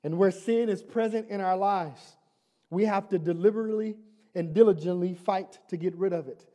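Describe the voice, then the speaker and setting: A man's voice: high-pitched, moderate pace, warm tone. A man preaching a sermon as pastor, conversational and humorous, asking the congregation questions and building to emphatic repeated lines.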